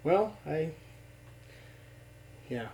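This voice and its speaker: Family interviewer, mellow tone, easygoing questions, echoey room. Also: medium pitch, expressive, drawn-out words, creaky, slight background noise. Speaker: interviewer, a grandchild. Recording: roomy echo.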